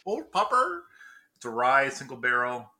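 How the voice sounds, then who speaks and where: A man's voice: mid-range voice, wildly swooping pitch, moderate pace, sharp tone. A man co-hosting a podcast in casual chat, chatty, often stumbling and correcting himself. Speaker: podcast co-host.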